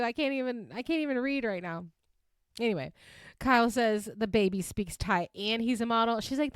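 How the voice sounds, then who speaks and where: A woman's voice: on the high side, animated, normal speed, clear, resonant tone, dry recording, clean studio sound. A tired woman hosting a casual recap podcast, rambling and giggling with lots of "like"s. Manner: chatty, giggly, rambling with many likes. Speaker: podcast host recapping reality TV. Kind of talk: casual chat.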